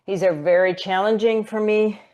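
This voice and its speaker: In this guided pilates session, a woman instructs while performing the moves, counting reps and sounding a bit winded. Her medium-pitched voice is steady and a little mellow at a moderate pace, though the audio is dull.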